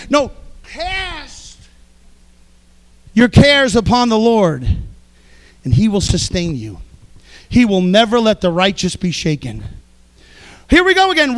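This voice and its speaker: A man preaching a sermon, fervent, swinging between soft passages and shouted exhortations. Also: extremely high pitch.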